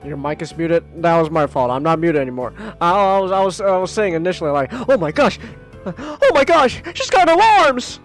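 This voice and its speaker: A man's voice: a little high, fast, hardly any pauses, faint music behind. A man streaming a visual novel, reading the narration aloud and chatting casually, repeating himself as he goes. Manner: rambling and animated, repeats words.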